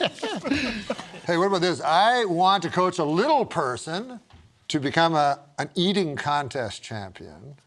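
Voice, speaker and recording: A man's voice: on the high side, big pitch swings, a little slow, fairly bright tone, a little hiss or hum. A man hosting a talk show, reading joke cards to his guests in casual chat and laughing at his own jokes.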